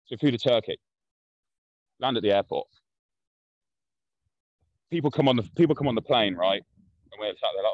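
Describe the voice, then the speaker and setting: A man's voice: fairly low pitch, brisk, pauses often, no room sound. Sweary man telling stories. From London. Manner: blunt, sweary, rambling with fillers. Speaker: podcast guest. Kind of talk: casual storytelling. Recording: dull, dry lo-fi podcast audio.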